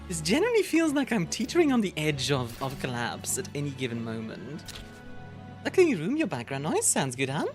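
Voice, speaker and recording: Low-pitched woman streamer with a very animated delivery, reacting to a strategy game over background music, with a cough here and there. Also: a little fast. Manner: animated, reads game text aloud and reacts. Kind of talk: casual gameplay chat.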